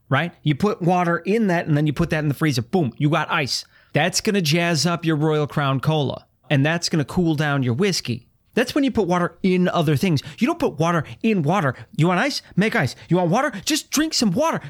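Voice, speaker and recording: Emphatic ranting man. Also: high-pitched. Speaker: podcast host. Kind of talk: comic rant, casual chat.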